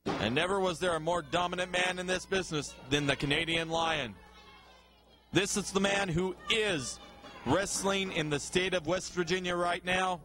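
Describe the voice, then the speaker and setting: Excitable high-voiced wrestling commentator. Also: male voice, moderate pace. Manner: excitable, rising to shouts at big moves.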